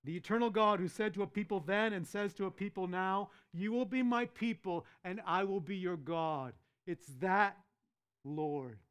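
A man's voice: high-pitched, fairly bright tone, clean tone. A man preaching a sermon, emphatic, repeating key words and putting questions to the congregation. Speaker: pastor.

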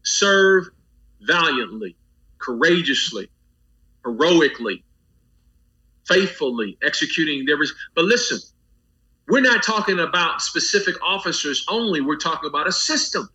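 On a dull lo-fi recording, a male pastor gives impassioned guest commentary on a talk program in a preacher's rhythmic style, driving emphasis with lists and rising repetition. His voice is on the high side, animated, pushed and bright, and he speaks a little slowly, pausing often.

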